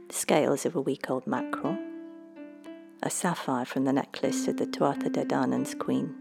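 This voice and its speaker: A woman's voice: low-pitched, vocal fry. A woman voicing a prim, demanding little male leprechaun in a storybook reading, with clipped, formal orders.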